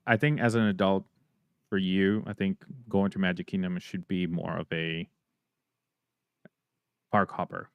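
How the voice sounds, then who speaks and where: A man's voice: deep voice, flat delivery, unhurried, vocal fry, long pauses, smooth, dry recording, lo-fi sound. A man co-hosting a podcast, telling stories in a playful, teasing way. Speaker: podcast co-host. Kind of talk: casual podcast chat.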